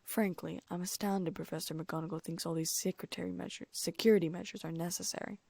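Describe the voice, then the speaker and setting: A woman's voice: fairly low pitch, fairly even intonation, quick pace, vocal fry, a little mellow, no echo. A woman reading an audiobook, voicing a vain, pompous male wizard teacher.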